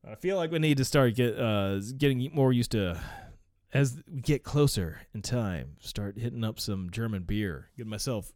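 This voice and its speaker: A man's voice: mid-range voice, lively intonation, normal speed, a little mellow, no room sound, studio quality. A young man casually reading an article aloud and breaking off into rambling, profane asides with frequent laughter.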